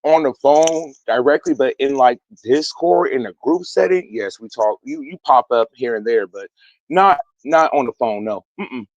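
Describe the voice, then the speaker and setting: A man's voice: medium pitch, lively intonation, normal speed, no echo, highs cut off. Profane, rambling young man calling in. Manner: profane, emphatic, rambling and defensive. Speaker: guest. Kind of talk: heated online call-in talk. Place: outdoors.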